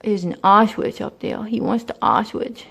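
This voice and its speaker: A young woman casually introducing her pet cats at home, chatty, sometimes slipping into high baby talk for them. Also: normal speed, creaky, a bit bright, slightly rough. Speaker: vlogger. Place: home, indoors.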